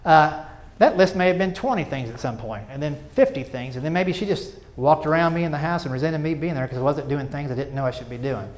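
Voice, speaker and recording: A middle-aged man doing stand-up storytelling on stage, animated and self-mocking, with chatty asides to the audience. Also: on the high side, fast talker. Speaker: stand-up comedian. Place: stage before a live audience.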